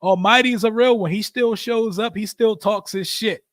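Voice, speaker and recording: A man hosting a casual football watch-party stream, talking in an animated, profane way and laughing often. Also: high-pitched, normal speed, no echo, studio quality. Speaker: livestream host.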